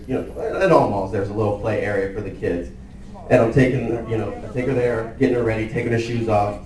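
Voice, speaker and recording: A man's voice: lowish voice, a little mellow. A young man telling a comedy story at an office party, chatty and rambling with lots of fillers. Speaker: employee doing a stand-up skit. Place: office holiday party, indoors. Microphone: far camera. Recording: echoey party room, far from the mic, faint ambience.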